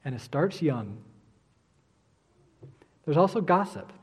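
A middle-aged man preaching a sermon, animated and acting out the voices he quotes. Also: fairly high pitch, takes it slowly, breathy edge. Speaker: pastor. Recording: long hall reverb.

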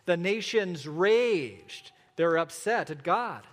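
A man preaching a sermon as a pastor, earnest and emphatic, slowing down for repeated points. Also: high-pitched, animated, long reverb tail.

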